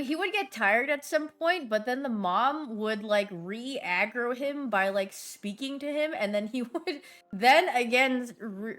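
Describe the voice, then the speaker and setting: A young woman streaming, chatting casually with her viewers and telling stories with lively voiced reactions. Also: mid-range voice.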